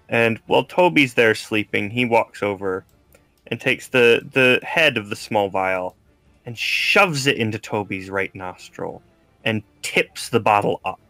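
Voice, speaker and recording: A man playing a tabletop game, describing his character's actions in a relaxed, rambling way. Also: on the low side, gravelly, no room sound. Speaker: player.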